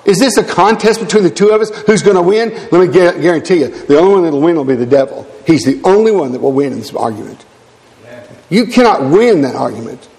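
An older man preaches in a church hall, his voice pitched a little high and carrying a long reverb. He is emphatic and animated, stressing his points and dropping in quick laughs and asides. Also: creaky. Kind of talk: sermon.

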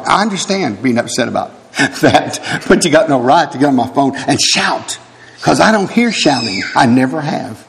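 A man in his sixties preaching a sermon, emphatic and animated, breaking into quick laughs and asides. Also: mid-range voice, creaky. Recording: long reverb of a hall.

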